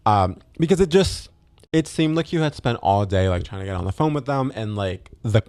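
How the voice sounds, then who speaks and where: Low-voiced man, halting casual chat. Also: lively intonation, a little mellow, no echo, clean studio sound. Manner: halting, fillers like "like" and "um". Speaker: podcast co-host.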